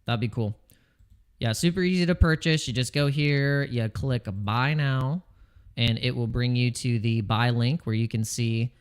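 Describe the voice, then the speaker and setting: A man's voice: mid-range voice, smooth. A man hosting a casual crypto livestream, joking and rambling, reading chat names and restarting his sentences, wired on coffee. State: over-caffeinated.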